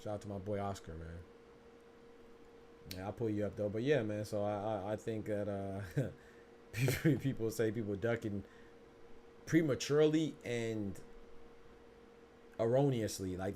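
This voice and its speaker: A man's voice: fairly low pitch, a little mellow, slight background noise. A man hosting a boxing podcast in casual, slangy livestream talk, speaking to viewers in chat.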